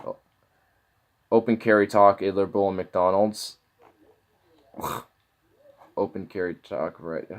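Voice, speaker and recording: A man with a fairly low voice talks through someone else's videos in a casual, sneering way. He swears often and sounds openly incredulous at what he finds. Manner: mocking, incredulous, swears a lot. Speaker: commentator reacting to videos. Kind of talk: casual reaction commentary.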